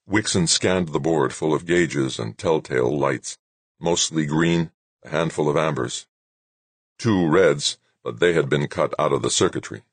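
A man narrating an audiobook in a measured storytelling manner. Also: very deep voice, slightly rough, no echo.

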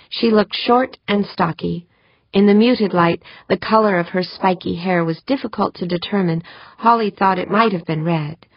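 A woman narrating a novel in an even, measured way, in a dull, dry recording. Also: on the low side, no echo. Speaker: audiobook narrator. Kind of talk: scripted narration.

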